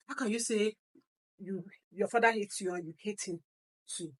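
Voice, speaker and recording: A woman's voice: medium pitch, normal speed. A middle-aged woman teaches a live online parenting class. She tells stories and repeats her key phrases for emphasis. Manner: acts out parents and children in quoted voices. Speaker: parenting coach and therapist.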